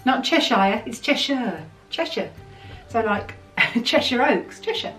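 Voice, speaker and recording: A woman from the United Kingdom, chatting excitedly as she unboxes things for her channel. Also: fairly high pitch, a little slow, soft background music. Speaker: vlogger. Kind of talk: casual chat while unboxing. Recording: roomy sound from a distant mic.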